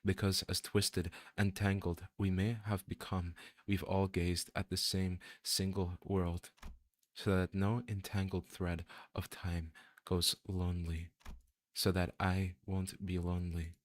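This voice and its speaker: A man voicing a despairing captive trapped in a web of fate, reading game dialogue in a slow, solemn, weary way. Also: sits low, flat delivery. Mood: resigned.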